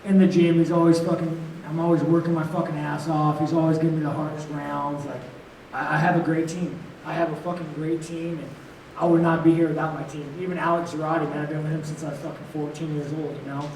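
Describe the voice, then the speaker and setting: Blunt, foul-mouthed man, higher-pitched voice, rambling at a press conference, mic a bit far off in an echoey room. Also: flat delivery, brisk, a little mellow. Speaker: fighter at post-fight press conference. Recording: echoey room, heard from a distance, faint noise.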